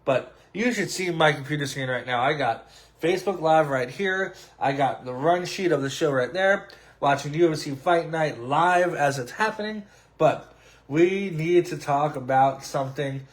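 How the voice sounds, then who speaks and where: A male podcast host in casual sports and wrestling talk, hoarse with a cracking voice, animated and stretching words for drama. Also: on the high side, normal speed. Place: home room at a computer. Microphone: desk microphone.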